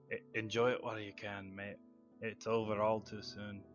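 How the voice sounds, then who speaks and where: A man doing a hearty middle-aged father in a tabletop game, friendly and jovial, calling people mate. His voice is bright, the recording dry and a little dull, with faint music behind. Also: lowish voice, flat delivery, unhurried. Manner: hearty, laughing, calls people mate and lad.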